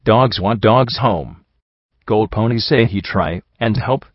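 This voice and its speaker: A man's voice: on the low side, takes it slowly, slightly rough, no room sound, dull audio. A man voicing a bitter old male dog chieftain with augmented limbs, growling and grumbling in broken grammar for an audiobook story.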